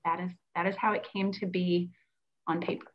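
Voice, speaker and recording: A woman's voice: lowish voice, flat delivery, a little fast, muffled recording. A woman author and teacher from Florida, telling her story animatedly in a livestreamed conversation, acting out quotes with many fillers. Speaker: children's book author and classroom teacher. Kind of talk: livestreamed book launch conversation.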